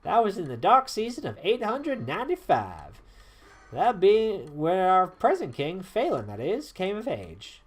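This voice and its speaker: A man voicing a gruff, boastful old male weapon master with a put-on Southern accent, folksy and talkative. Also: high-pitched, huge pitch swings, a little slow, voice pushed up, exaggerated voice. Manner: folksy, grumbling, calls the hero lad.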